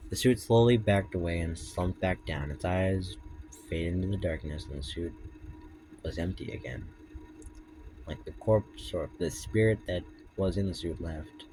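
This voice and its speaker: Deep-voiced man reading his story. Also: moderate pace, darkish tone, slight background noise, low-quality recording. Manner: breaks off to explain and swear casually. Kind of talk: reading own fan story aloud with casual asides.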